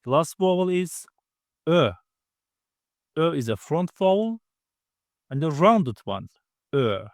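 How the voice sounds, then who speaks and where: A man's voice: fairly high pitch, sing-song, normal speed, a little mellow, dry recording, studio quality. A man teaching a grammar lesson, patiently explaining step by step and sounding out each vowel himself. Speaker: language teacher. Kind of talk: slow spoken grammar lesson.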